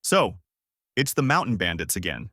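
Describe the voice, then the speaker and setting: A man voicing a calm, cool pirate captain who teases and lectures coolly in a fan story reading. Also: lowish voice, moderate pace, dry recording, studio quality, heavily acted. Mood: calm teasing. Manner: calm, dryly teasing.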